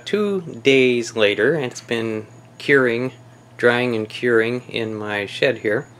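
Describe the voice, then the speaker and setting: Gravelly man explaining a paint test. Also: lowish voice, a little hiss or hum. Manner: relaxed explaining, many ums and restarts. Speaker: hobbyist reviewer. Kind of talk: casual product test vlog. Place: home shed.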